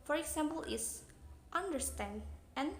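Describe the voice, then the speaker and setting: Young Indonesian woman, student presenter, high voice, reads a lesson in a roomy space with faint hiss. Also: animated, unhurried. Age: young adult. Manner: plain, read-aloud explaining. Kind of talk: reading an English pronunciation lesson. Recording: echoey room, faint noise.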